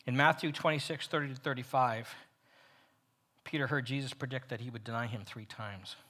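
A man leads a men's Bible study in an animated teaching voice. His tone is bright and a little husky. He rises to loud emphasis on key points and sinks almost to a whisper on others. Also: medium pitch, a little fast.

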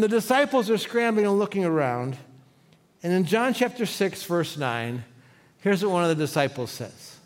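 A man's voice: high voice, sing-song, moderate pace, in a large hall. A man preaching a sermon as pastor, talking conversationally and asking the congregation questions.

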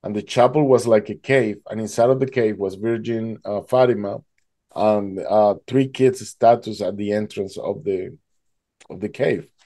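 Guest, male, halting storyteller, mellow warm tone. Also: on the low side. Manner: halting, fills with "like" and "you know". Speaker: guest telling his survival story. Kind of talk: emotional personal storytelling.

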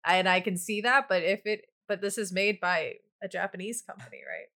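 A woman's voice: mid-range voice, brisk, sharp tone. A woman co-hosting a casual comedy podcast, chatting and asking curious questions. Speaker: podcast co-host.

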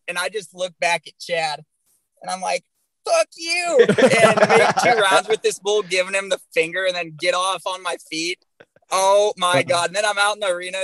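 A young man, a bull rider guest on a podcast, telling stories in an animated way and swearing constantly. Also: high voice, rough recording. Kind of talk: profane storytelling on a podcast.

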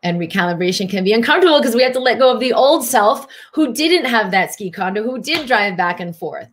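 A middle-aged woman giving a casual spiritual wellness talk in gentle, flowing, affirmation-like phrasing. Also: a little high, animated, a little fast, slight background noise. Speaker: wellness speaker.

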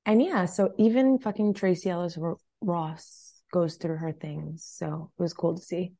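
A young woman with a fairly low voice co-hosts a podcast in casual chat. She is blunt and profane and laughs a lot. It is recorded dry and close. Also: a little slow, warm tone, no echo. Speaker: podcast co-host.

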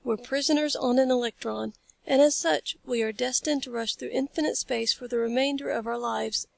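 A woman reading the lines of a calm, learned male scientist in a storybook, in a measured, explanatory way. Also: a little high, gravelly, no echo.

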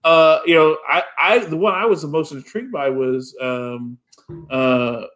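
A man's voice: fairly high pitch, unhurried, a bit bright. Rambling man in casual chat. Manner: rambling, full of "you know" fillers.

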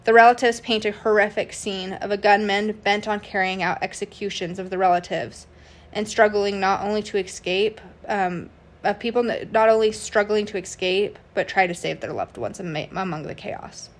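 A woman narrates a true crime case for her podcast at an ordinary middle pitch. She reads loosely from notes, stumbling and restarting with frequent fillers. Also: fairly even intonation, normal speed. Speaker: podcast host.

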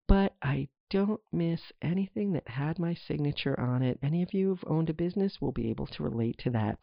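A middle-aged woman from New Jersey hosting a podcast, telling her story in a chatty, animated way with playful asides to the listener. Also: low-pitched, creaky, dry recording. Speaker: podcast host. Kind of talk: casual solo storytelling. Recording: dry, slightly dull lo-fi sound.

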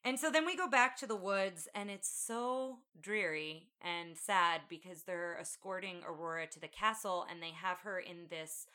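A woman's voice: lowish voice, moderate pace, few pauses. A woman co-hosting a podcast, animatedly retelling a film scene by scene and acting out the characters' lines. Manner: animated storyteller, acts out quotes. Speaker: podcast co-host. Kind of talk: casual film recap chat.

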